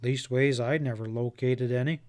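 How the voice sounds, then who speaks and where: A man reading a thick-set frontier guide who talks in a gruff, plain drawl. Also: mid-range voice, steady tone, normal speed, a little mellow, close to an everyday voice. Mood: patient.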